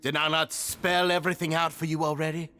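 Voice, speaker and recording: A man's voice: a little high, flat delivery, brisk, pushed and bright. An actor playing a cruel, furious male prison boss in a game, with a snarling Southern accent and a theatrical ranting manner. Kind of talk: game voice acting.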